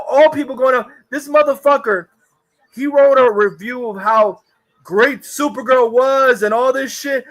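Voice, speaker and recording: A man with a strikingly high voice co-hosts a live movie review stream in a casual, profane rant. He sounds heated and mocking, and he swears freely. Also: fairly bright tone, rough recording. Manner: crude, heated and mocking, laughs at his co-host.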